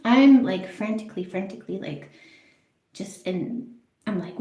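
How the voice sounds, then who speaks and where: A woman rushes through a casual story, excited and full of swearing, her voice sitting at an ordinary middle pitch. She is recorded in a busy public place, and her voice rings with a lot of room echo. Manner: excited, rambling, swears often. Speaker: vlogger. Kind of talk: casual story time, live on social media.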